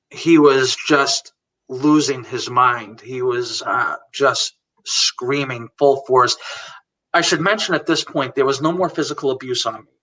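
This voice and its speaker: A man in his forties, guesting on a live chat, tells his life story candidly and plainly, replaying conversations line by line and laughing now and then. His medium-pitched voice is bright and forward. Sitting a little back from the mic, he sounds slightly distant.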